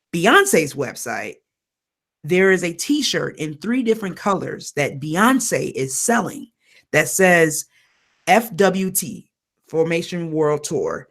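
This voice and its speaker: Emphatic woman podcast co-host. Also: low-pitched. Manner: animated, emphatic, repeats herself, slangy. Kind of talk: casual chat.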